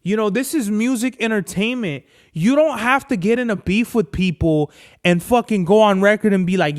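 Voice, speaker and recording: A man hosts a laid-back podcast, cursing freely and telling his stories with lots of energy. His voice sits fairly high for a man, clear and smooth. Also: moderate pace. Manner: profane, animated storytelling with acted-out quotes. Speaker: podcast host. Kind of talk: casual chat.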